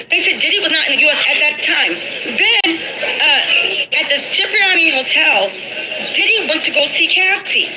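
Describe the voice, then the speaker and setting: A woman's voice: sits high, normal speed. A woman casually recapping court gossip, animatedly acting out quotes and chuckling as she goes. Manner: animated retelling, acts out quotes, chuckles often. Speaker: commentator recapping trial news. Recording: noisy background.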